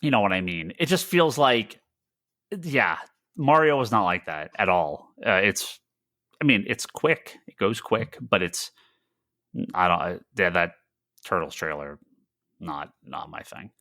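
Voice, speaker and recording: Podcast co-host, male, low and forceful, rambles excitedly, dry close sound. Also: unhurried, no echo. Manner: rambling, restarts sentences, excitable. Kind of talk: casual chat.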